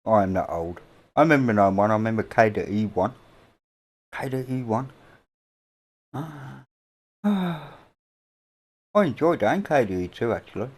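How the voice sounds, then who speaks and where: A middle-aged man with an English accent, hosting a casual livestream chat from a home, rambling and offhand with casual swearing, on a boom-mounted mic. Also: animated, normal speed, pauses often. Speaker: livestream host. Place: indoors at a home. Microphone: boom-mounted microphone.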